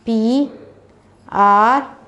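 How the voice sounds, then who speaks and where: A woman's voice: fairly high pitch, drawn-out words, bright, forceful tone, highs cut off. A woman teaching phonics, sounding out and spelling each word letter by letter and repeating it. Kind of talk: slow classroom teaching.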